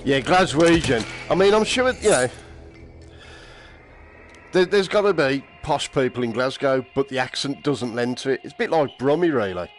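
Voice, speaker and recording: A man talks casually as he plays a game, chatting and laughing with frequent swearing. His voice sits at an ordinary middle pitch. Loud game music plays under everything he says. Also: lively intonation, normal speed. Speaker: game streamer. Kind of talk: casual chat while playing a VR game.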